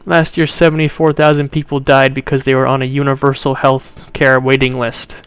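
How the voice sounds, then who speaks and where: A man's voice: mid-range voice, flat delivery, brisk, fairly bright tone, clean tone, no echo. A young man streaming a video game, chatting casually and bluntly with his viewers. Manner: blunt, opinionated, talks to chat viewers. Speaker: livestreamer. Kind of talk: casual chat while playing a video game.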